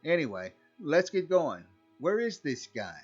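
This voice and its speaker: A man's voice: on the high side, very animated, a little slow, husky, exaggerated voice. A man voicing a cocky young bad-boy man who talks in a brash, impatient way. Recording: slightly dull recording, faint music.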